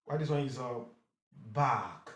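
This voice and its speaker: A man with an expressive, medium-pitched voice gives a phonics lesson on English vowel sounds in an echoey room. He drills pronunciation by repeating each word slowly over and over, adding short explanations in between.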